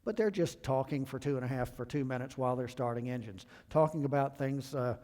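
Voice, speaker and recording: A man's voice: a little fast, a little mellow. A middle-aged man from the American South giving an earnest, emphatic safety lecture to pilots, acting out quoted remarks. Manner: earnest, emphatic, acts out quotes with rising pitch. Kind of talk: presentation lecture. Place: university lecture hall. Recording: long hall reverb.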